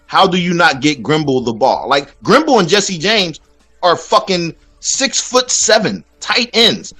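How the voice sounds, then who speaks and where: A man's voice: on the high side, sharp tone. A man hosting a casual sports talk show, ranting with plenty of profanity. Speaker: podcast host.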